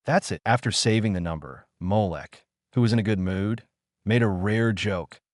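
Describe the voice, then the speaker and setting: Low-voiced male audiobook narrator. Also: normal speed, no room sound, clean studio sound.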